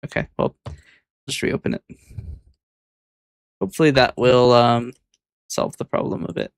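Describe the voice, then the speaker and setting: Male streamer, gravelly low-key muttering, dry booth sound, casual and slightly exasperated. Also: measured pace, dry recording. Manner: muttering commentary to himself, mildly exasperated. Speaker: VTuber editing his own clips. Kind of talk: casual talk while video editing.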